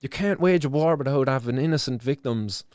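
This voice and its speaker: A man's voice: mid-range voice, a little fast, darkish tone, dry recording, studio quality. A young Irish man hosting a live stream, talking with passion and swearing, with many restarts. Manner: impassioned, swearing, many restarts and "do you know". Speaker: stream host. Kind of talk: emotional live-stream commentary.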